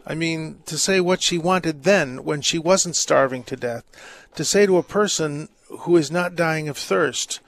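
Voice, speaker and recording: A man's voice: a little high, a little slow, no room sound. A man, a priest hosting a call-in radio show, giving earnest pastoral advice with jovial asides. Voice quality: gravelly. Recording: dry close studio mic.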